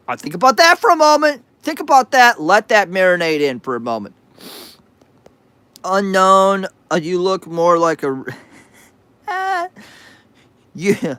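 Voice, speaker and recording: A man's voice: high voice, wildly swooping pitch, a little slow, long pauses, bright, forceful tone, smooth, no room sound. Sarcastic, profane man reading chat. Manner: sarcastic, profane, hesitant with many uhs. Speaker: livestream host reading chat. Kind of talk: crude livestream chat reading.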